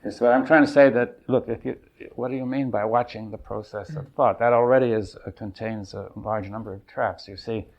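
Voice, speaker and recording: An older man leading a seminar, thinking aloud in a halting, searching way and often checking in with his listeners. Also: fairly low pitch, fairly even intonation, vocal fry, muffled recording. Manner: thoughtful, halting, often checks in with "right?" and "you see". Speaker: seminar leader. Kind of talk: exploratory seminar talk. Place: seminar room.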